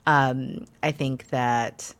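A woman's voice: extremely low pitch, steady tone, drawn-out words, smooth. A woman co-hosting a casual political talk show, chatty and hesitant, with many fillers and restarts. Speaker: co-host.

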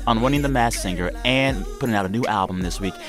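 A man's voice: lowish voice, fast talker, soft background music. A man from Texas hosting a radio talk show, chatting casually and playfully and laughing often. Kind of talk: casual chat.

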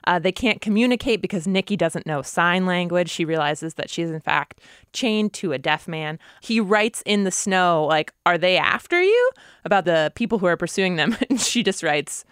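A woman co-hosting a podcast, recapping a TV episode in casual, animated chat. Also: on the low side, clear, resonant tone, dry recording, studio quality. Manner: animated, amused storytelling. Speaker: podcast co-host.

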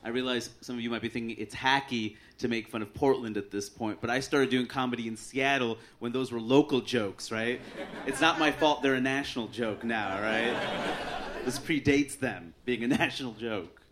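A man doing a stand-up set on a club stage with a handheld mic, dry and deadpan, putting on quick voices for his bits. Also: mid-range voice. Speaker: stand-up comedian. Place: comedy club stage with audience laughter. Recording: live club recording with clear audience noise.

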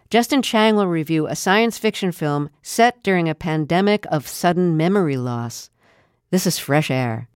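A woman radio host with a low voice reads her intros in a measured, composed way. The studio sound is dry and close. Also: darkish tone, clean tone, no echo. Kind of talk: radio interview and scripted intros. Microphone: studio microphone.

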